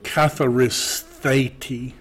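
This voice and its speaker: Male teacher, slow and deliberate, working through a Greek text in class. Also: mid-range voice, steady tone. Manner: slow, reads Greek aloud then translates. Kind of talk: classroom lecture.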